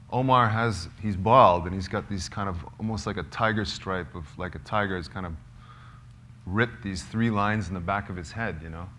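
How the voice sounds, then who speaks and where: A man, a filmmaker, telling a true story to a small live group, halting and searching for words with many fillers. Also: sits low, bright, forceful tone, slight background noise. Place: cozy lodge hall gathering.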